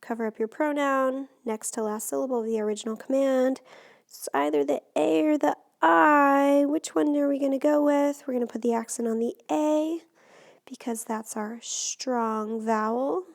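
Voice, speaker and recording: Gravelly-voiced woman teaching Spanish grammar. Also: high voice, normal speed, a little mellow. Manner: patient, step-by-step explaining. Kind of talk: recorded grammar lesson.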